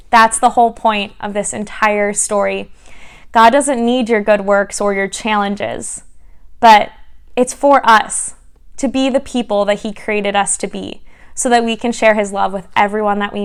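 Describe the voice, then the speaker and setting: Smooth-voiced woman reading a bedtime story. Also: a little high. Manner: warm, expressive reading to children. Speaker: children's ministry storyteller.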